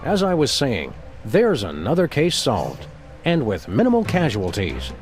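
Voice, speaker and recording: A man voicing a wordy, deadpan dog detective in a video game, with a dry, long-winded delivery. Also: mid-range voice, a little slow, faint music behind.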